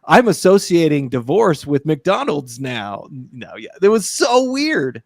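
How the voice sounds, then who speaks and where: Lively-pitched man laughing through a film chat. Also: no echo, studio quality. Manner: laughing, quick agreeing interjections. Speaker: podcast co-host. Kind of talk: casual film review chat.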